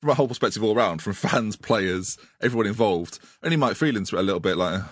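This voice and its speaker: A man's voice: lowish voice, expressive, fast talker, dry recording, clean studio sound. A man co-hosting a casual football podcast, wry and opinionated, with joking asides to the listeners. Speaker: podcast co-host.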